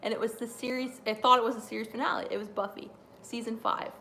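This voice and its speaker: A woman's voice: on the high side, quick pace, vocal fry. Chatty, rambling woman streamer. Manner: rambling, excitable, many fillers and laughs. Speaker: streamer hosting a wrestling watch-along. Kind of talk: live reaction chat.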